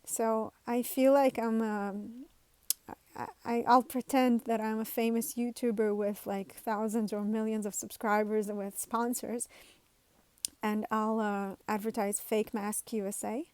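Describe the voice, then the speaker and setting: A woman's voice: a little high, little pitch movement, measured pace, darkish tone, smooth, dry recording. A woman talking casually to her viewers, rambling through a story with many fillers and restarts. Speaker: vlogger. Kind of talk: casual talk to camera.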